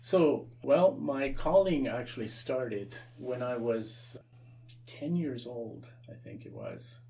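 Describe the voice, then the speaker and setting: A Canadian man, a priest, tells a personal story in an interview. His voice is gravelly and sits at a middle pitch, and he stumbles over words and starts sentences again. He sounds a little far from the microphone. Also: very animated, slow pace, mellow, a little hiss or hum. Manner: repeats words and restarts often, acts out quoted voices. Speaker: Anglican priest, interview guest.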